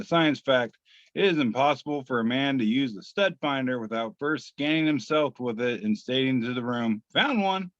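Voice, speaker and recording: A man's voice: mid-range voice, no room sound. A man co-hosting a casual podcast, reading memes aloud with lots of fillers and restarts. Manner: halting, many fillers and restarts. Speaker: podcast co-host. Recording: dry, slightly muffled podcast audio.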